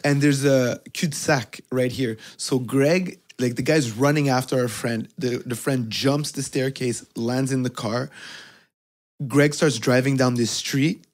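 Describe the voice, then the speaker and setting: A man's voice: mid-range voice, fairly even intonation, a little slow. A man co-hosting a podcast, telling a story in casual, profane chat. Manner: reacts loudly, swears, says bro. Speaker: podcast co-host.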